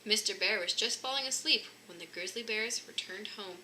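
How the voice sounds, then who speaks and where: A woman's voice: medium pitch, normal speed, a little hiss or hum. A woman reading a children's picture book aloud, lifting her voice for the characters' lines. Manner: lively, lifting voices for the bear cubs' lines. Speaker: storybook reader.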